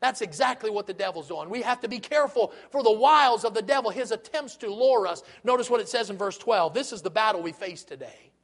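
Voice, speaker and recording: A man's voice: high-pitched, expressive, fairly quick, hardly any pauses. A man preaching a sermon as a pastor, earnest, with rhetorical questions and repetition.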